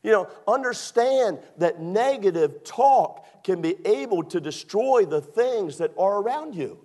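A man's voice: high-pitched, expressive, measured pace, a little mellow. A man from Maryland preaching a sermon as pastor. His delivery is conversational and joking, with emphatic swells.

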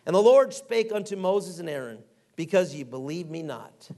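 A middle-aged man preaching a folksy, animated sermon, acting out quotes and reading scripture aloud. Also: on the high side, normal speed.

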